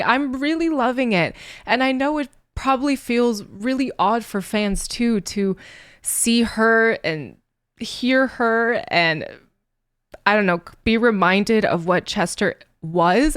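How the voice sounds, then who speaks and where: A woman's voice: mid-range voice, no room sound, clean studio sound. A woman hosting a music reaction video, talking in an earnest, rambling, emotional way. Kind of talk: casual reaction commentary.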